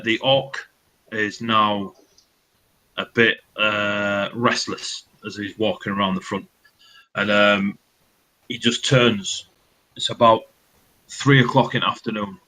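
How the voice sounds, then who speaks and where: Bright-voiced man running a tabletop game. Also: on the low side, fairly even intonation, unhurried, pauses often, low-quality recording. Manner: loose, swearing storyteller with many fillers. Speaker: dungeon master.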